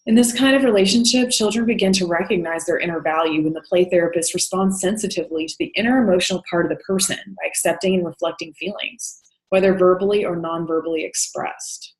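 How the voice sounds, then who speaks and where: A woman's voice: on the low side, quick pace, echoey room, low-quality recording. A woman teaching counseling in a recorded lecture, explaining step by step with frequent "um" and "you know". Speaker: counseling instructor.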